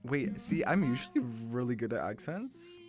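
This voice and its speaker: Dry-witted low-voiced young woman. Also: moderate pace, faint music behind. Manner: dry, teasing, deadpan. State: tired. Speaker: radio co-host. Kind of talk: casual chat.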